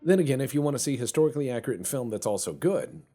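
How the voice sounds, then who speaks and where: A man's voice: mid-range voice, expressive, racing, warm tone. A man chatting casually and rambling while commentating a strategy game, swearing now and then. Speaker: gaming channel host.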